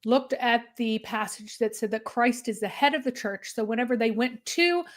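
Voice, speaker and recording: A woman's voice: fairly high pitch, normal speed. A woman commenting on a livestream discussion, emphatic, listing her points one after another. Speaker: guest commentator.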